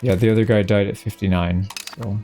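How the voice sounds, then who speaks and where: A man with a gravelly, rather deep voice talks his way through a strategy game in a relaxed let's play. He muses aloud and gets openly puzzled when things go wrong. His tone is dark and mellow over faint background music. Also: fairly quick. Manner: thinking aloud, musing and puzzled. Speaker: gaming channel host. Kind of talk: casual let's play commentary.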